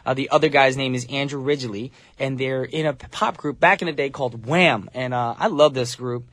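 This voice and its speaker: A man's voice: medium pitch, brisk, fairly bright tone, no room sound. Male radio DJ, thirties, upbeat and jokey, close studio mic with no room sound. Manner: upbeat, joking, reads listener messages. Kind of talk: casual radio DJ chat.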